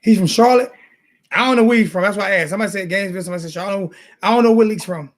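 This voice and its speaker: A man's voice: high-pitched, rapid-fire. A man hosting a sports talk show, ranting in a heated, repetitive way and throwing insults. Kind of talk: heated casual sports rant.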